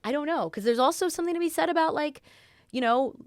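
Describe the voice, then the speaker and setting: A young woman co-hosting a podcast, chatting casually and acting out quotes in a lively, animated way. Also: quick pace, dry recording, studio quality. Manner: animated, acts out quotes in a high voice. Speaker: podcast co-host. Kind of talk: casual chat.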